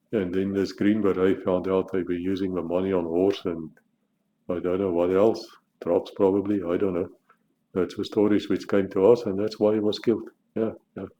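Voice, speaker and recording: A man's voice: low voice, flat delivery, normal speed, warm tone. A man, an author, talking casually about his book in a blunt manner with sarcastic asides. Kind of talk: casual spoken monologue. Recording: slightly muffled, faint background noise.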